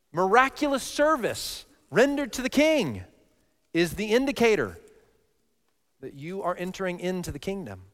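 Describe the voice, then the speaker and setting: A man preaching a sermon as a pastor, emphatic, rising to loud passion and dropping to quiet. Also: a little high. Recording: long reverb of a large hall.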